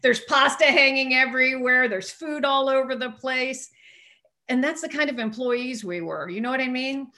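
A woman's voice: high voice, normal speed, bright, forceful tone. A middle-aged woman candidly telling a personal recovery story to a group, with self-deprecating humor.

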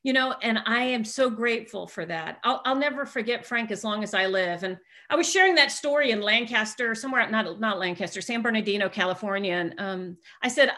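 A woman's voice: medium pitch, a little fast, bright, forceful tone. A middle-aged woman from East Tennessee telling a self-mocking personal story to a recovery meeting, with comic asides. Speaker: recovery speaker.

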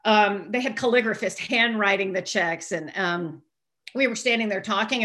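A middle-aged woman shares a personal recovery story with a group, candid and self-deprecating. Her voice is bright and clear, and the humor comes through in how frankly she tells it. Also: medium pitch.

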